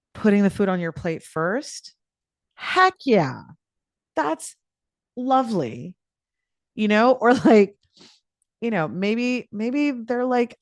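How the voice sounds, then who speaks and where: A woman coach talks through a live online session in a loose, playful, chatty way, full of fillers and asides. Her voice sits at a middle pitch for a woman. The sound is dry and close, with no room echo. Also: a little mellow. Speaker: life coach.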